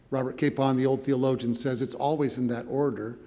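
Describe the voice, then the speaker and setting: A man's voice: mid-range voice, fairly even intonation, brisk, hardly any pauses, warm tone, in a large hall. A man preaching a sermon as a pastor, telling a story with swelling and dropping volume and repeated words.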